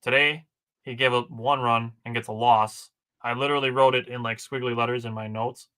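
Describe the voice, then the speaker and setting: Guy from wisconsin on a sports podcast, bright forceful voice, reads stats off his notes. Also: mid-range voice, fairly even intonation, brisk. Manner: talks through stats from his notes, dry asides. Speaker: podcast co-host. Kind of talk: casual sports chat.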